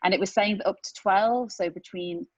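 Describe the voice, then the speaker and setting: A woman talking as a medical guest on a podcast, emphatic and animated as she explains. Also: mid-range voice, normal speed, dry recording. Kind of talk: casual podcast chat. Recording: dull dry podcast audio.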